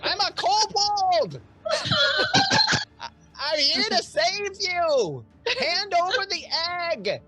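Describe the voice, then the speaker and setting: A man voicing a frantic little kobold who screams and shrieks in a high voice. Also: big pitch swings, slow, pauses often, pushed and bright, soft background music, exaggerated voice. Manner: shrill, shrieking, panicky.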